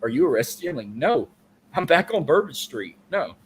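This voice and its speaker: A man's voice: a little high, very animated, moderate pace, slight background noise. A man co-hosting a podcast, telling a long story in casual, profane, rambling chat. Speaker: podcast co-host.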